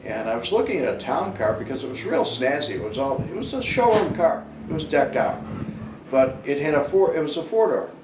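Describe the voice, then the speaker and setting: A man's voice: on the high side, animated, fairly quick. An older man telling a rambling personal story in a casual monologue, full of fillers and restarts. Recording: roomy and noisy, far from the mic.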